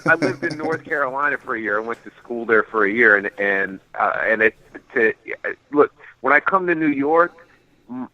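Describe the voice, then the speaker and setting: A man hosting a casual talk show, animated and laughing as he tells a story. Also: mid-range voice, normal speed, muffled recording. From mid-Atlantic US. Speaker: host. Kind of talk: casual chat.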